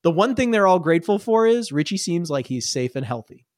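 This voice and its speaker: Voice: mid-range voice, big pitch swings, brisk, darkish tone, no room sound, clean studio sound. A game master narrating a tabletop game, rambling and often laughing.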